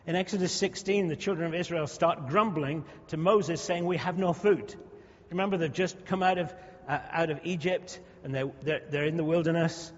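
A pastor's high-leaning voice moves briskly with few pauses as he preaches conversationally, adding humorous asides for the congregation. It's recorded with dull, lo-fi sound in a reverberant hall.

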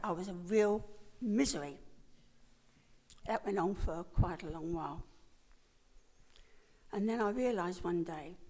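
A woman's voice: medium pitch, a little mellow. An older woman telling her own story as a personal testimony, in an earnest, emotional way. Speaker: speaker giving a personal testimony.

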